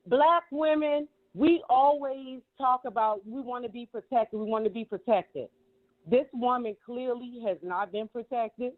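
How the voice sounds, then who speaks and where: A woman with a high-pitched voice delivers casual commentary, emphatic and heated, repeating her points and cursing freely. She comes through a thin, tinny phone line. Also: measured pace. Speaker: guest commentator.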